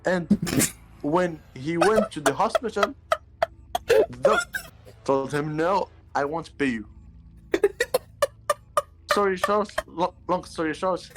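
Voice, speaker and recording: A man telling a story on a live stream, halting with many fillers. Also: a little high, big pitch swings, noisy background.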